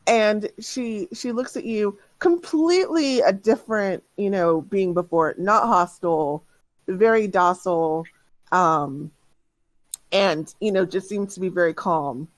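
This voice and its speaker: A woman's voice: mid-range voice, unhurried, no room sound. A woman narrating as game master in a tabletop game, rambling with many restarts. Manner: rambling, lots of fillers and restarts. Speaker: dungeon master.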